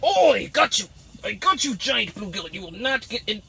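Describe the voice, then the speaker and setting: High-voiced man joking with the fish. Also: moderate pace, creaky, breathy edge. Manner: talks teasingly to the fish, animated. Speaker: ice fishing vlogger. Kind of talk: playful live fishing commentary. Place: outdoors on a frozen public pond.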